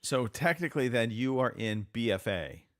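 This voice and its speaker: A man's voice: mid-range voice, animated, moderate pace, fairly bright tone. A man hosting a casual live podcast, joking around and drifting off on tangents. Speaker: podcast host. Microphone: remote call setup.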